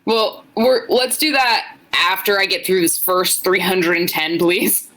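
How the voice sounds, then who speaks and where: A woman's voice: medium pitch, fairly even intonation, measured pace, a bit bright, poor audio. A young woman co-hosting a podcast, blunt and joking as she reads fan fiction aloud in casual chat. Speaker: podcast co-host.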